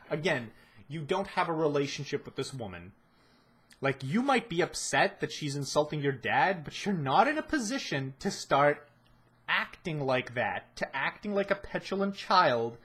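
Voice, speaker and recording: A husky man with a somewhat high voice rants through a show analysis. He sounds exasperated and swears freely, pushing his points hard. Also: fairly bright tone. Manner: exasperated ranting, heavy swearing. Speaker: video commentator.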